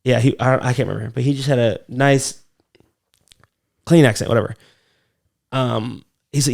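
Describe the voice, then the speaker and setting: A man's voice: medium pitch, brisk, creaky, long pauses. A man co-hosting a comedy podcast, telling loose, profane stories in casual chat. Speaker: podcast co-host.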